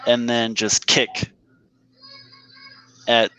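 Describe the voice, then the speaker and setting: A man's voice: medium pitch, monotone, extremely slow, pushed and bright, clear, resonant tone, soft background music. A man playing a tabletop game, speaking hesitantly and stumbling over his words. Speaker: player. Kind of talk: casual tabletop game play. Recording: dull lo-fi audio.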